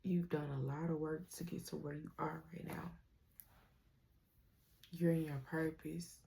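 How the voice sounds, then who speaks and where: A woman's voice: deep voice, little pitch movement, measured pace, creaky, warm tone. A woman giving a casual tarot reading to her viewers. She uses slang, laughs often and speaks straight to the viewer. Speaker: tarot reader.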